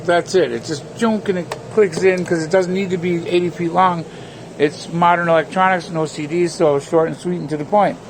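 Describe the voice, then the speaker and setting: Gravelly man ranting profanely. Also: sits high, steady tone, moderate pace, background noise. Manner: rambling, profane, jumps between topics. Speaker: vlogger. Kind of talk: casual rant to camera. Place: at his home.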